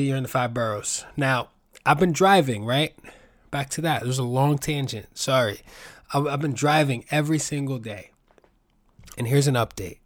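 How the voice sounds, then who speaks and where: A man's voice: mid-range voice, dry recording, studio quality. A man, from the Bronx, telling a rambling, profane story full of tangents as a podcast host. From New York City, the Bronx. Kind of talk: casual monologue.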